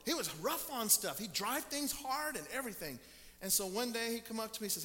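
Man, pastor, sermon, storytelling, high pitch, long hall echo. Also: lively intonation, a little fast, pushed and bright. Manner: storytelling, acts out quoted people. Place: church sanctuary. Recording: long church reverb.

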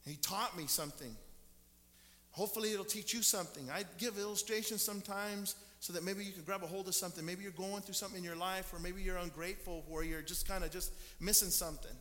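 Man, pastor, sermon, storytelling, high pitch, long hall echo. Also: steady tone, fast talker, sharp tone. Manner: storytelling, acts out quoted people. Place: church sanctuary. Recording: long church reverb.

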